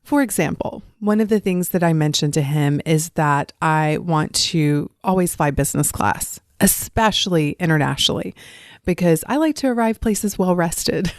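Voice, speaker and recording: Woman host for a solo podcast, chatty and upbeat, a slightly low voice, dry close sound. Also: dry recording. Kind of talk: casual solo podcast talk.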